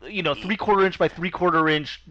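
Fast-talking wisecracking man, dull dry sound. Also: high-pitched, pushed and bright. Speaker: podcast co-host. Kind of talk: casual podcast banter.

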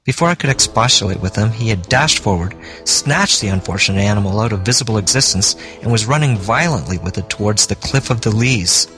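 Male audiobook narrator, measured storytelling. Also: fairly low pitch, lively intonation, fairly bright tone, soft background music. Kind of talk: scripted narration.

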